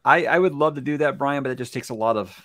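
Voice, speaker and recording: A man hosting an interview, talking in a lively, rambling way with many restarts. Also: medium pitch, quick pace, dry recording, studio quality. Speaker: host. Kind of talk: casual interview chat.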